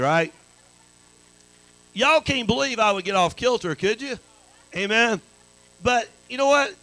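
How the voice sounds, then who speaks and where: Preacher guy, high bright voice, keeps calling out to the church, low hum under it. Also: low-quality recording. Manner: call-and-response preaching, repetitive restarts. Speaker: pastor. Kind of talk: sermon.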